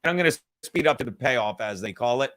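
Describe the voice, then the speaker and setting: A man hosting a casual comedy podcast, telling stories in a profane, excitable way, often laughing and breaking into shouts. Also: medium pitch, fast, dry recording, clean studio sound. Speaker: podcast host.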